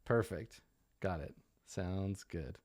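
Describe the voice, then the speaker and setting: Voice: low-pitched, slow, darkish tone, dry recording, clean studio sound. A person narrating as game master of a tabletop game, loose and chatty, laughing often.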